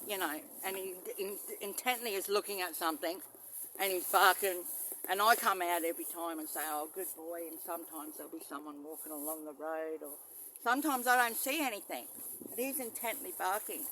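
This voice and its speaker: A vlogger, filming outdoors beside a van on a handheld phone, rambling and swearing, swinging between loud outbursts and low muttering. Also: fairly quick, slight background noise. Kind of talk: rambling handheld vlog monologue. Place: outdoors beside a parked van near mangroves.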